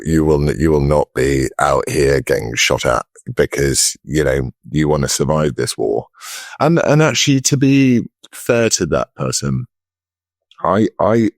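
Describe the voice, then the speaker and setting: A man's voice: extremely low pitch, gravelly, no echo, clean studio sound. A man co-hosting a podcast, chatting casually in a rambling, jokey way with little mock voices. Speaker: podcast co-host. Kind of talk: casual chat.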